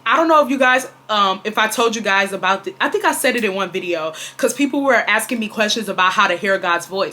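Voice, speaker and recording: A woman's voice: mid-range voice, bright, forceful tone. A young woman, telling a storytime vlog in an emphatic way, repeating herself and talking straight to her viewers. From Houston, Texas. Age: 20s. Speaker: vlogger. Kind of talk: casual storytime monologue.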